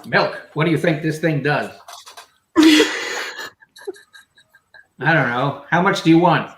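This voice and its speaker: A man's voice: on the high side, expressive, slow. A man playing a bumbling, awkward male noir detective in live improv comedy, talking in hard-boiled 1940s slang. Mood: flustered. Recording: echoey, noisy live stream.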